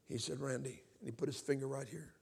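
A middle-aged man from Alabama, preaching a personal testimony and swinging between hushed retelling and loud, impassioned outbursts. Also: mid-range voice, quick pace, vocal fry, breathy edge. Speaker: evangelist. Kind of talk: testimony sermon.

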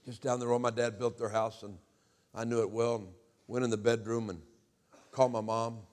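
A man's voice: medium pitch, little pitch movement, normal speed, darkish tone. A man from Alabama, preaching a testimony sermon and acting out the dialogue as he tells his story. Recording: reverberant hall.

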